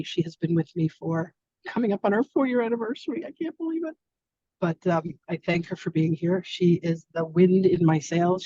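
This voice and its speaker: A woman with a mellow, relaxed voice wraps up an online spiritual class in loose, affectionate chat. The audio is dry and a little dull, as if it were picked up over a video call. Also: low voice, dry recording. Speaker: spiritual teacher hosting an online masterclass. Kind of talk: casual live-stream chat.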